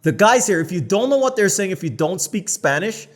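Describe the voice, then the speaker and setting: A man's voice: high-pitched, brisk. Blunt, profane North American man. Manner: blunt, profane, animated storytelling. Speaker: podcast co-host. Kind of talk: casual podcast chat.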